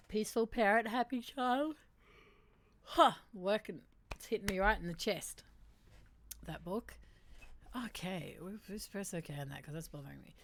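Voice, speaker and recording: A woman's voice: mid-range voice, fairly bright tone. A woman hosting a casual livestream, reading quiz statements aloud and adding wry asides to her viewers. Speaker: livestream host.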